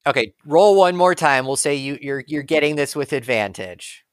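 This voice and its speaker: A man's voice: fairly high pitch, lively intonation, moderate pace, no echo, studio quality. A man acting as game master for a tabletop game, explaining rules in a casual, laid-back way.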